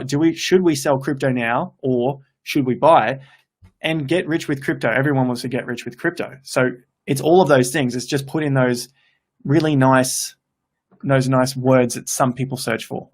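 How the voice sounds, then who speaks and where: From a laptop setup in his home, a male Australian streamer in his thirties chats animatedly about crypto while reading comments, thinking aloud and correcting himself mid-phrase. He talks at a medium pitch and moderate pace.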